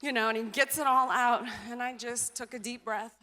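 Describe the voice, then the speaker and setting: A woman giving a motivational speech as personal storytelling, animated, acting out dialogue and trailing off with filler sounds. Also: on the high side, normal speed. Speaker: motivational speaker. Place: stage in a large venue. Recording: reverberant hall.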